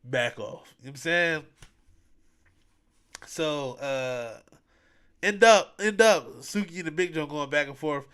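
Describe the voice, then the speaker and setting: This male podcast host has a fairly high, clear and resonant voice and a measured pace broken by long pauses. He recounts events in relaxed conversation, leaning on heavy slang and animatedly acting out what people said.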